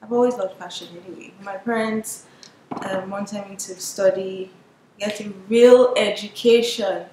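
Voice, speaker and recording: Lively young woman, roomy sound. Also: mid-range voice, measured pace, noisy background. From Nigeria. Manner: lively storyteller who acts out what people said. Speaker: business owner and surface pattern designer. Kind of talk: storytelling to camera.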